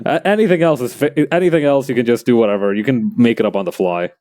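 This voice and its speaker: A man's voice: medium pitch, quick pace, darkish tone. A man streaming as he makes a plush, rambling and joking and often laughing. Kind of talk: casual chat while crafting.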